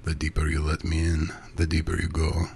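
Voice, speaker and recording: A gravelly, commanding male lover, voiced by a man narrating, speaks in a slow, hypnotic cadence that stays low and kind. His voice sits very deep and holds an even, level line. Faint noise hangs behind him.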